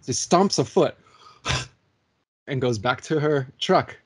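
Husky forties man, mid-pitch, animated storyteller who laughs through his anecdotes. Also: slow. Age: 40s. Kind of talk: casual conversation, storytelling.

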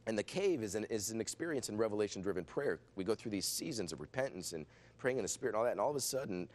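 A middle-aged man, a pastor, telling a lively healing testimony as an interview guest, with frequent restarts and acted-out quotes. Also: fairly low pitch, very fast. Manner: excitable, restarts often, acts out quoted voices. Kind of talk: animated storytelling testimony.

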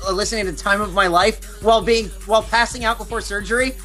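A young podcast co-host, enthusiastic and reacting loudly with swearing. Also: mid-range voice, steady tone, fast, soft background music. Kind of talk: casual chat.

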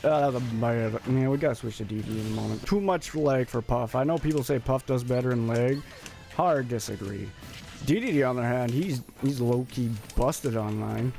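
Raspy, excitable gaming streamer guy. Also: mid-range voice, a little fast, faint music behind. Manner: excitable, jokey, sudden yelps and laughs while playing. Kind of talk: live gameplay commentary.

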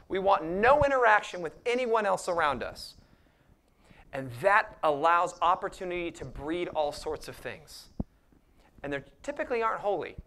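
A man preaching a sermon as pastor, dropping to hushed near-whispers and rising to loud emphatic passages, acting out the prayers and lines he quotes. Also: high voice. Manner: acts out quoted voices and prayers.

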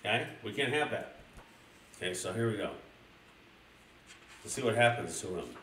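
A young man streaming a crude comedic storybook reading, excitably addressing his chat. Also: lowish voice, normal speed, far from the mic. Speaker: streamer reading a children's book. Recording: roomy, a little off-mic, faint noise.

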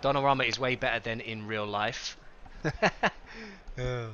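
A young man streaming a football game live, chatting excitedly with viewers and reacting to the match. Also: mid-range voice, unhurried, muffled recording, slight background noise. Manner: excitable, chatty, greets chat by name.

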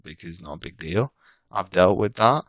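Speaking at normal speed in an expressive low voice, this British coach in his thirties is a podcast interview guest. The recording is dry, and his casual talk runs in loose, meandering sentences that he keeps restarting and correcting.

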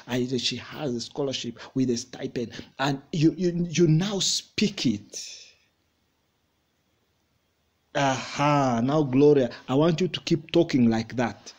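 A man preaching a sermon as a pastor, repeating his lines and rising to excited emphasis, with a laugh between lines now and then. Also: mid-range voice, slightly rough. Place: church hall.

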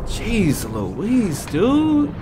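A young man commentating his game playthrough, excitable and yelling at the game. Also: high voice, drawn-out words, noisy background. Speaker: gamer. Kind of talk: let's play commentary. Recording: game music behind.

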